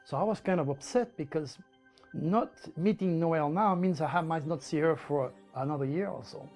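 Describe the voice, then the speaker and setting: French-accented man, high voice, animated storyteller, faint music behind. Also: normal speed. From France. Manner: animated, emphatic, with repetitions and laughs. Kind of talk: personal storytelling monologue.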